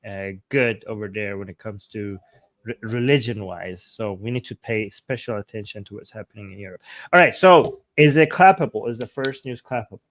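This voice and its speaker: A man co-hosting a news talk show in a relaxed way, asking questions and chiming in. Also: fairly low pitch, moderate pace. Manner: relaxed, asks questions and agrees briefly. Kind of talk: casual news discussion.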